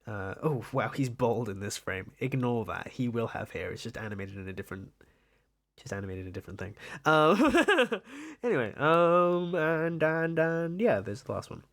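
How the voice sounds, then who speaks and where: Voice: medium pitch, sing-song, moderate pace. A young adult art streamer chatting casually on a livestream, rambling, giggling often and swearing offhand.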